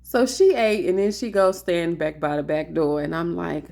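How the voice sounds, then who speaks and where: With a low, creaky voice at moderate speed, a woman vlogger recounts a funny story casually and animatedly from an indoor office. She keeps calling her viewers "honey."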